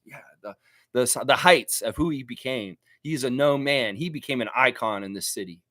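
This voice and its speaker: A man hosting a sports fan livestream, ranting in a heated, animated way. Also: medium pitch, normal speed, no echo, clean studio sound. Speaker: sports fan show host. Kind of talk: casual livestream rant.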